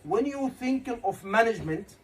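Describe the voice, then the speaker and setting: A man's voice: high voice, animated, moderate pace, slight background noise, rough recording. A man with an Egyptian accent teaching a class as an exam tutor, asking questions and repeating key words.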